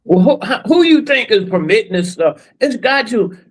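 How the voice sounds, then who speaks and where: A man's voice: sits high, big pitch swings, normal speed, rough recording. A man hosting a casual podcast discussion. He asks questions and hesitates, with many fillers.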